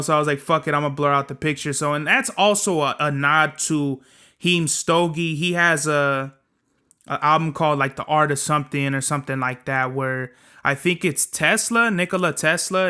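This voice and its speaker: A man's voice: fairly high pitch, bright, forceful tone, clear, resonant tone. A young man hosting a solo podcast, talking in a profane, rambling, slangy way. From Southern California. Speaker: podcast host. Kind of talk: casual solo podcast monologue.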